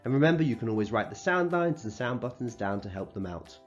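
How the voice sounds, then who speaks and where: Man, primary school teacher, phonics video lesson, slow clear sounding-out, encouraging, mid-pitched, dull audio. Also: lively intonation, soft background music. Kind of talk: recorded phonics lesson for young children.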